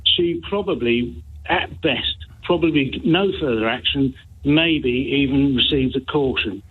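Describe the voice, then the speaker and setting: A man's voice: mid-range voice, measured pace, breathy edge. A man calling in to a radio show, speaking in a hesitant, rambling way over a phone line. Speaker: caller. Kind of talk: phone-in call.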